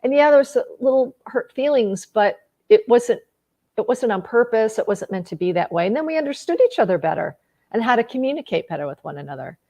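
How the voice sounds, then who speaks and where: Speaking fairly quickly in a voice on the high side, this middle-aged female relationship coach addresses an audience casually. Restarts and repeated words come up often, and when she quotes conversations she performs them in other voices with lively changes.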